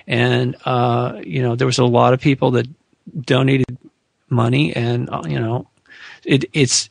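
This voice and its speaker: Gravelly man, frank and halting. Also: medium pitch, little pitch movement, no echo. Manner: frank, hesitant, many restarts. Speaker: interview guest. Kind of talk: casual interview talk.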